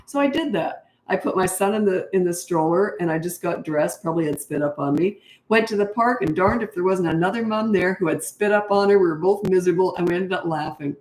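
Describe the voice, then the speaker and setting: Older female parenting coach, chatty and blunt, mid-pitched, recorded in a roomy space. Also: brisk. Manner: chatty, frank and laughing easily. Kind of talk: answering interview questions. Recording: roomy echo.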